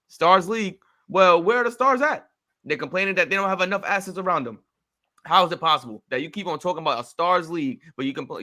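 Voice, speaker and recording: A man's voice: high voice, pushed and bright. A man co-hosting a sports podcast, ranting emphatically and repeating his points in a heated debate. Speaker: podcast co-host.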